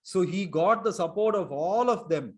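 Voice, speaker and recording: A man's voice: sits high, animated, normal speed, darkish tone. A man telling a story to children in an online class, chuckling and quizzing them. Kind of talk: storytelling lesson for kids online.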